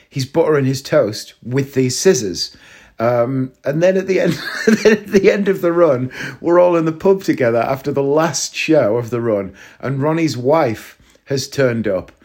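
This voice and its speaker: A man's voice: mid-range voice, expressive, normal speed, darkish tone. A man in his thirties hosting a solo comedy podcast, rambling and self-deprecating as he tells stories. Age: 30s. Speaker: podcast host and actor. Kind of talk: casual comedic monologue.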